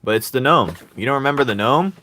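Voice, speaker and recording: A man's voice: medium pitch, animated, fast talker, sharp tone. A man chatting casually while he draws, playful and giggly, cracking silly jokes. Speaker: artist drawing on stream. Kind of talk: casual chat while drawing.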